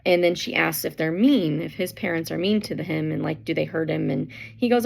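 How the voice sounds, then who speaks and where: Low, very creaky woman teacher. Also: brisk, darkish tone. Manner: chatty, full of fillers, retells in quotes. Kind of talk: casual chapter summary lesson.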